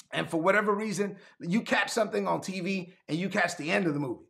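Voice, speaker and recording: Male preacher, high voice, gravelly, emphatic repetition, rising to shouts. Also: quick pace, few pauses. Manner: calls for audience response. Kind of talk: sermon.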